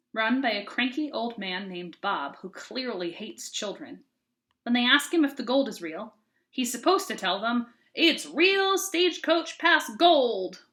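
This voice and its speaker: A woman reads a novel aloud for a sixth-grade class, telling it in an expressive, casual way. Her voice is bright and clear. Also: mid-range voice.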